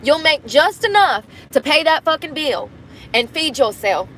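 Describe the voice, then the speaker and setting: Blunt, bright-voiced woman venting on a livestream. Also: high voice, big pitch swings, unhurried, a little hiss or hum. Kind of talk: casual livestream chat. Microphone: phone.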